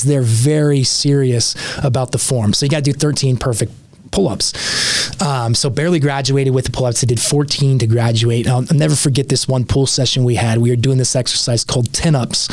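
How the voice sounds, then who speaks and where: A man recounting a hard experience with steady earnestness, a mid-pitched voice in a dry, close recording. He talks casually and keeps the story moving. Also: no echo. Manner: earnest, vivid storyteller with some restarts. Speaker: podcast guest, veteran.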